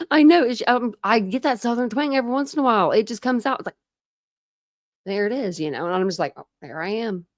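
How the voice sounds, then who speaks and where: A woman's voice: on the high side, lively intonation, moderate pace, no echo, studio quality. A woman from Ohio hosting a casual true crime live stream, rambling, laughing often and answering chat comments. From Ohio, USA.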